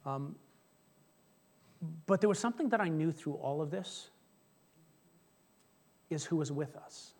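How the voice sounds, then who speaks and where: A man's voice: on the high side, lively intonation, a little slow, long pauses, darkish tone. A middle-aged man preaching a sermon as pastor, telling a personal story in a chatty, joking way. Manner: chatty storytelling, jokes with congregation.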